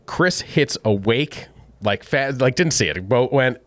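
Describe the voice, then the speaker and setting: A man's voice: medium pitch, measured pace. Podcast host guy, mid voice, laid back, pokes fun at himself. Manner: relaxed, self-deprecating storytelling. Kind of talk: casual chat. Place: podcast studio.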